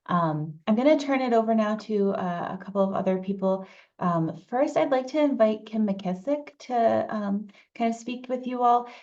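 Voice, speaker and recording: A woman moderating an event who introduces the next speaker in a soft-spoken way, with light fillers. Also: medium pitch, dull audio.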